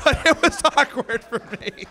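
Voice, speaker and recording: A man's voice: very high voice, measured pace. A man on a live convention stage, drawing out his words in a mock-seductive comic delivery. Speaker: panel performer.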